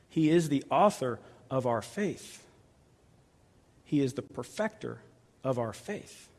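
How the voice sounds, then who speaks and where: A man preaching a sermon with earnest, repeated appeals, often dropping to soft, hushed tones. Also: on the high side. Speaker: pastor. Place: large church hall. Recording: reverberant church hall.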